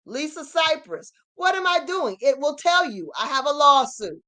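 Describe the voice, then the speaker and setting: A woman's voice: sits high, very animated, normal speed. Emphatic woman, ranting. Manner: emphatic, repetitive, rising to shouts. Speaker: channel host. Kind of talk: ranting commentary monologue.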